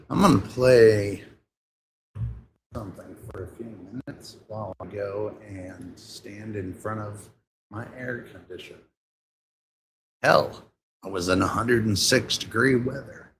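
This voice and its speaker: A low-voiced man hosts a casual stream, talking slowly with a gravelly rasp. He drawls and curses in muttered asides. A faint hiss of noise sits behind him. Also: poor audio. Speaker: show host. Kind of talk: casual livestream chat.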